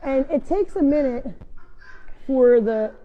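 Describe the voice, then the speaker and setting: Coaxing animals and walking through barn chores, this woman chats casually on a live farm sanctuary stream. She speaks slowly and expressively in a high-pitched voice, and the lo-fi audio is muffled with faint noise.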